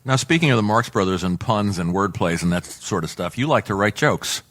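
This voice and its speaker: A man's voice: lowish voice, expressive, brisk, a bit bright. A man co-hosting a podcast, steering the guest with leading questions. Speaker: podcast co-host. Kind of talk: interview questions.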